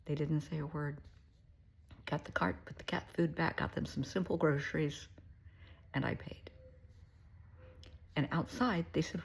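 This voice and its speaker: A middle-aged woman speaking as a therapist, talking earnestly in a folksy way and often dropping to a soft, breathy near-whisper. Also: low voice, fairly even intonation, measured pace, long pauses. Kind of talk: casual heartfelt monologue.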